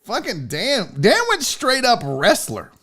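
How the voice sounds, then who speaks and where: A man hosting a casual sports show, profane and animated with laughing asides. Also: extremely high pitch, measured pace, slightly rough. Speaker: host.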